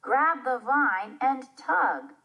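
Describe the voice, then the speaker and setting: A woman's voice: sits high, big pitch swings, drawn-out words, muffled recording, full character voice. A woman reading the part of a determined young girl who grows a plant, in a children's play.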